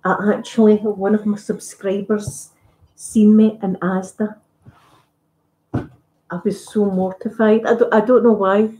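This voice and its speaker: Chatty Scottish woman, mellow voice. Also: medium pitch, flat delivery, measured pace, pauses often. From Scotland. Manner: chatty, rambling, self-deprecating. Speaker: ASMR YouTuber. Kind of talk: casual live-stream chat. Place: at home, ironing. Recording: echoey room.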